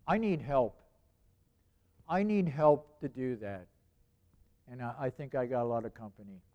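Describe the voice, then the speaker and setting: A man's voice: mid-range voice, unhurried, highs cut off. A man preaching a sermon in a conversational way, repeating phrases and asking rhetorical questions.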